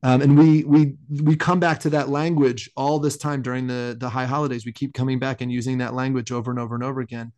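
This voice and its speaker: A man's voice: mid-range voice, quick pace, few pauses. Rambling man musing on scripture. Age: adult, married. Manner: rambling, self-interrupting, animated. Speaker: podcast co-host. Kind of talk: casual conversation about scripture.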